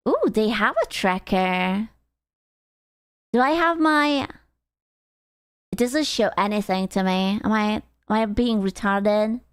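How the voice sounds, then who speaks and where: With a medium-pitched, smooth voice, a woman streams live and chats casually with viewers, answering chat questions while swearing freely and complaining with playful self-mockery. She speaks slowly and pauses often. The desktop-mic audio is studio quality, without echo.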